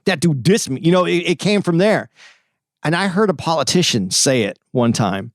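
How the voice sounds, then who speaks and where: Podcast co-host, man, fairly high voice, reflective storyteller, dry mic. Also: sing-song, normal speed, no room sound. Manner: reflective storytelling, many restarts. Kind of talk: casual podcast chat.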